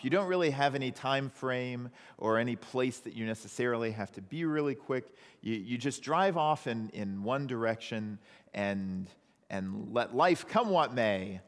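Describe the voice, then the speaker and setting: Male pastor with a relaxed, chatty preaching style and a lively, bouncing voice, recorded in a hall with long reverb. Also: mid-range voice. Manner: conversational, animated storytelling. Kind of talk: sermon.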